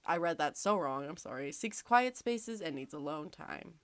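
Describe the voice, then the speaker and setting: A woman's voice: low-pitched, expressive, normal speed, dry recording. A woman hosting a casual podcast, reading quiz questions aloud with sarcastic, swear-filled asides and frequent laughter. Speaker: podcast host.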